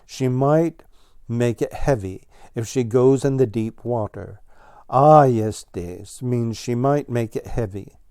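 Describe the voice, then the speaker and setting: A patient, matter-of-fact ground squirrel who teaches his friend, voiced by a man reading aloud. He speaks slowly in a mellow, darker tone. The sound is dry and close to the mic. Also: medium pitch, clear, resonant tone, no echo. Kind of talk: storybook read-aloud.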